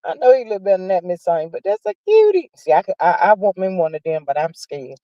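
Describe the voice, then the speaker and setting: A woman hosting a casual livestream, chatting about celebrity news in a sassy, drawn-out way and calling viewers honey and child. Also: on the low side, big pitch swings, no room sound, highs cut off. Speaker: livestream host. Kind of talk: casual gossip chat.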